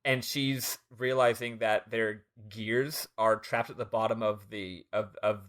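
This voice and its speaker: A man co-hosting a podcast, recapping a game in casual chat, laughing often and swearing, acting out the characters in quick bits. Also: fairly low pitch, fairly even intonation, fairly bright tone. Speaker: podcast co-host.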